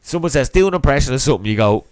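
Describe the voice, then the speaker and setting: A man's voice: mid-range voice, animated, rapid-fire, dry recording. A man co-hosting a podcast in casual chat, laughing as he talks and restarting his sentences. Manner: laughs while talking, trails off and restarts. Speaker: podcast co-host.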